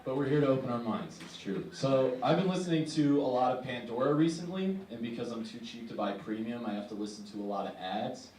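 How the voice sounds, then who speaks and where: A young man doing a stand-up comedy set, with wry, deadpan storytelling and quick asides. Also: mid-range voice. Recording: echoey room, distant mic, faint hiss.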